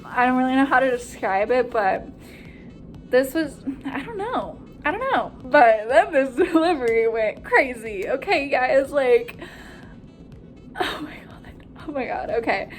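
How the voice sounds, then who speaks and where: A young woman, a nursing student, excitedly retelling a hospital story in a casual vlog, full of "like" and acted-out quotes. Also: high-pitched, unhurried, soft background music. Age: young adult. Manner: animated, breathless retelling with frequent "like" and quoted voices.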